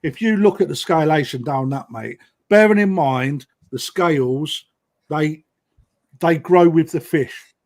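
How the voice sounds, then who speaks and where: A middle-aged man with a British accent runs a live koi auction stream, calling bids and countdowns in a friendly, matey patter. His voice sits a touch higher than most men's. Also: measured pace, darkish tone. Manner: chatty, matey banter, calls bids and time.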